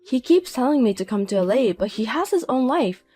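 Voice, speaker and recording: A middle-aged woman voicing a calm, proud mother who speaks in a cool, dryly mocking way, in a narrated audio drama. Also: on the high side, a little fast, slightly rough, soft background music.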